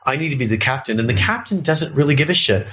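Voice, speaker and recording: A man's voice: medium pitch, lively intonation, fast talker, pushed and bright. A man, a stand-up comedian talking bluntly and profanely as a podcast guest, slipping into mocking quoted voices. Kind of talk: casual podcast conversation.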